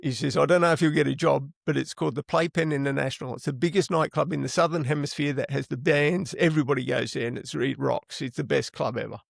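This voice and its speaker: A middle-aged Australian man, appearing as an interview guest, spins rambling yarns in casual storytelling and swears freely. His gravelly voice is a little high, with fairly even intonation, and he talks fast with few pauses. The recording is dry and of studio quality.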